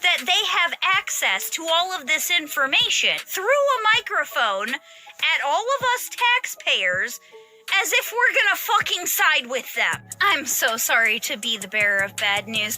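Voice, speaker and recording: A woman's voice: high voice, sharp tone. A woman delivering an angry, profane political rant, hammering her words with heated emphasis. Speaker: political commentator.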